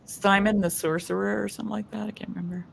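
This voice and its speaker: A woman co-hosting a casual group discussion, chatty and quick to laugh as she tells anecdotes. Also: mid-range voice, steady tone, vocal fry, crowd noise. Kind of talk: casual group video chat.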